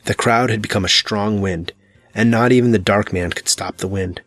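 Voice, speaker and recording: A man narrating an audiobook in a measured, dramatic reading. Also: fairly low pitch, fairly bright tone, no echo. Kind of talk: scripted narration.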